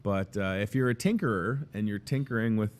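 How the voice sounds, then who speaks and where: Low-voiced joking male host. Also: a little fast, darkish tone. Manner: jokey, rambling, self-deprecating. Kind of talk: casual chat. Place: grocery store café.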